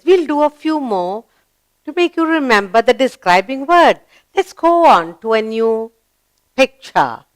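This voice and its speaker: A woman with a fairly high voice teaches young children grammar at an unhurried pace. She coaxes them along, asking questions and then answering them herself. The recording is dry and close, with no room sound. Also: smooth, no room sound. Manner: slow, coaxing, asks and answers her own questions.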